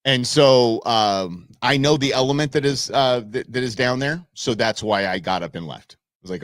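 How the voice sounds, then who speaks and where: With few pauses and a moderate pace, his mid-range voice comes through a dry, studio-quality recording. This live-stream host, raised in Southern California and Arizona, tells a rambling, spirited neighborhood anecdote stuffed with folksy idioms.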